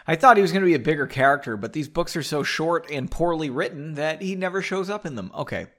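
A man hosts a comedic read-through, pausing to mock the text with sarcastic asides. His voice sits slightly high and swings widely in pitch. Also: expressive, a bit bright. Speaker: podcast host. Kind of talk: comedic book reading with asides. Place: at home.

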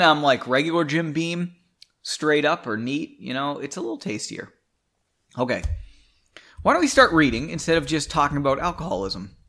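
Man reading his own story, casual, cussing, self-deprecating; lively, slightly high voice. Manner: profane, self-mocking asides; stumbles and rereads lines. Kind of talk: casual read-aloud with commentary.

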